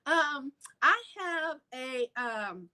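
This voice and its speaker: A woman's voice: sits high, animated, very slow, pushed and bright, full character voice. A woman voicing a fake-cheerful male office boss who talks in a hesitant, falsely friendly way.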